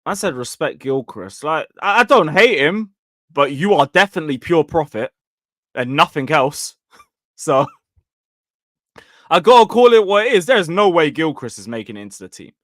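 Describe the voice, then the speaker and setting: A man's voice: fairly high pitch, very animated, moderate pace, fairly bright tone, no room sound, clean studio sound. A young man giving a blunt, sweary, rambling live review of a football match and reading viewer comments. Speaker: football fan channel host.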